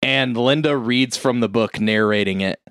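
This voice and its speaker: A young man in casual chat, animatedly retelling a film plot with lots of swearing, jumping into high squeaky voices for the characters. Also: moderate pace, fairly bright tone, dry recording, clean studio sound. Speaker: podcast co-host retelling a film.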